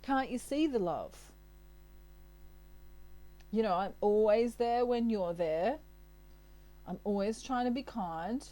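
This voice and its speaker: A woman's voice: a little high, animated, slow pace, long pauses, warm tone, no echo, rough recording. A woman doing a sarcastic feminine spirit. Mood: pleading. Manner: sarcastic, exasperated. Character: sarcastic female spirit, loving but fed up.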